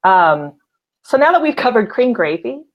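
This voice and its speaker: Woman, live show host, casual chat, laughs a lot, shout-outs, slightly muffled lo-fi sound. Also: on the high side, sing-song, moderate pace. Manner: chatty, laughs often, gushing shout-outs to viewers.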